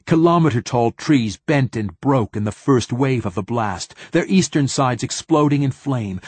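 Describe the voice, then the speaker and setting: A man giving measured, dramatic scripted narration of a science fiction audiobook. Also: medium pitch, darkish tone, husky, no echo.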